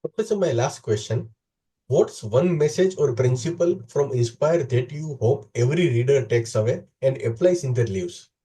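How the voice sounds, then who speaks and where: A man hosting a podcast, asking formal, polite interview questions in a measured way. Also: medium pitch, animated, dark tone, slightly rough. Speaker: podcast host.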